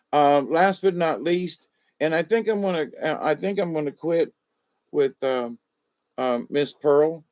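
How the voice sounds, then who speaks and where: A man giving casual spiritual animal card readings in a drawling, folksy way, chuckling often, with a dull lo-fi sound. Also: fairly high pitch.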